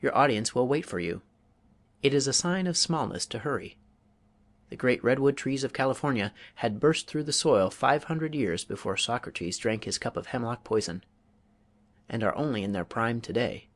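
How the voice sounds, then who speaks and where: A man narrates a public speaking manual as an audiobook, with a middle-pitched voice that is neither high nor low. His reading is measured and deliberate, and he leaves pauses between phrases. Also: animated. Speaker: audiobook reader.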